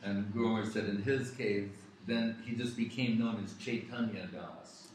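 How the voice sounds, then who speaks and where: A man giving a devotional talk, earnestly recounting sacred stories with frequent pauses. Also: fairly low pitch, steady tone, a little mellow, a little hiss or hum. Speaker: devotional speaker. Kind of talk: devotional storytelling discourse. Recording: echoey room, distant mic.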